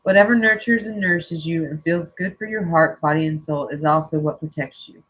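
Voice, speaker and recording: A spiritual coach reads an inspirational passage aloud, slow and earnest, with a husky, breathy tone. The pitch sits in a middle range, and the voice sounds teary-eyed throughout. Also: fairly bright tone, rough recording. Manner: slow, earnest reading broken by casual joking asides.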